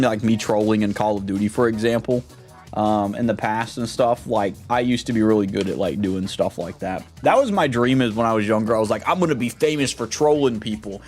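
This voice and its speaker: A man's voice: fairly low pitch, brisk, a little mellow, faint music behind. A young man chatting casually on a stream, rambling and trying out silly voices.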